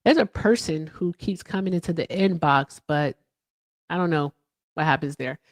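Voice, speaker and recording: A woman's voice: low voice, moderate pace, no room sound. Chatty woman livestream host, dry audio. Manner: chatty, laughs often, trails off. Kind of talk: casual livestream chat.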